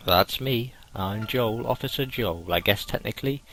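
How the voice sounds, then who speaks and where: A man voicing an easygoing, friendly male cop in his own plain, fairly low voice, with no put-on character voice. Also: normal speed, creaky, a bit bright, slight background noise. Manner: reads the lines plainly, no put-on voice.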